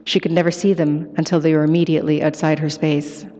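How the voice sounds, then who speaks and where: A woman author giving a live, expressive book reading and taking questions in an event hall. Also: deep voice, fast. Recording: echoey hall, muffled live sound.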